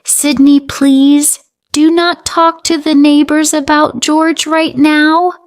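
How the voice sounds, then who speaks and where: A woman's voice: medium pitch, slow, no room sound, studio quality, close to an everyday voice. A woman voicing a worried, secretive mother who speaks in protective, pleading tones. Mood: urgent pleading.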